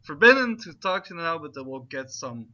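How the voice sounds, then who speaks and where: A man's voice: fairly high pitch, very animated, normal speed, pushed and bright, lo-fi sound. A man running a tabletop game as game master, rambling with filler words and frequent laughter.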